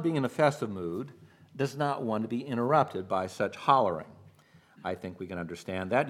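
A man preaching a sermon as pastor, walking through scripture and now and then acting out the shouting of the people in the story. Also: mid-range voice. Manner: expository preaching, acts out shouted quotes.

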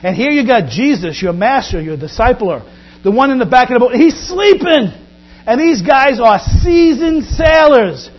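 A high-pitched man preaching a sermon in a church, his delivery rising and falling sharply in volume. The recording is dull and lo-fi, with a steady mains hum underneath. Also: moderate pace. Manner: preaches with big swings in pitch and loudness.

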